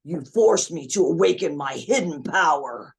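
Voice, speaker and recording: A woman's voice: sits low, animated, normal speed, creaky, husky, pitched below the performer's own voice, exaggerated voice. Gohan, a defiant young anime hero voiced by a woman. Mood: cold menace. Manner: defiant, declaiming.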